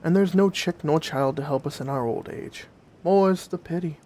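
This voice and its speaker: A man's voice: a little high, moderate pace, dark tone, lightly acted. A man voicing a poor, humble old bamboo cutter in a told story, with old-fashioned country speech. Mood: weary.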